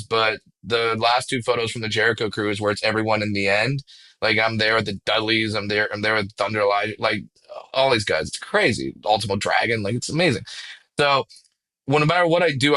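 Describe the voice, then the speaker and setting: Male comedian guest, punchy bright voice, excitable storyteller who swears freely. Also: medium pitch. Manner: excitable storyteller, swears freely, quick self-deprecating jokes. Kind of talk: casual podcast interview.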